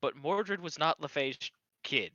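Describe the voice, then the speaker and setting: A man's voice: a little high, animated, pushed and bright, dry recording, muffled recording. A man adding side notes and corrections while commenting on fanfiction with friends. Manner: quick to correct and point things out. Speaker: co-host reading fanfiction. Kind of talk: comedic commentary chat.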